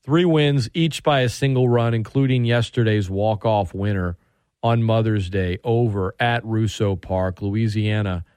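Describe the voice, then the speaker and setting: A man hosting sports talk radio, excitable and animated, often restarting his sentences. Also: on the low side, a little slow, smooth, no echo, studio quality.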